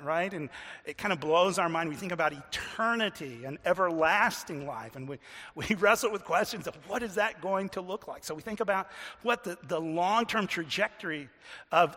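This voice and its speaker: A man preaching a sermon in earnest, often repeating words and slowing down to stress a point. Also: high-pitched, expressive, pushed and bright, big-room sound. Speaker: pastor.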